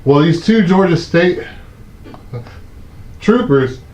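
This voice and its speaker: A man, hosting a live stream and telling a story in a casual, animated way, swearing often and acting out the shouting cops. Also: high-pitched, slow. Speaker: host of a live stream talk show. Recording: echoey muffled room sound.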